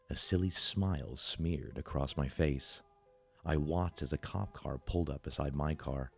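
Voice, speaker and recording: A man with an extremely low, dark voice reads a horror story in a slow, measured way, pausing for effect. Faint music runs under the narration. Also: creaky, slightly rough. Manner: slow, measured, dramatic pauses.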